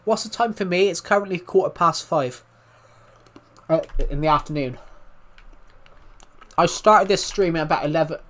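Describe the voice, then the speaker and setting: A British man chatting on a live stream, his voice thick and a little worn from being under the weather. He talks calmly and evenly, often restarting his sentences, in a fairly high voice for a man. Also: moderate pace, long pauses. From United Kingdom. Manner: calm, even talking with frequent restarts. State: slightly ill, thick voice. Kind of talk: casual live stream chat.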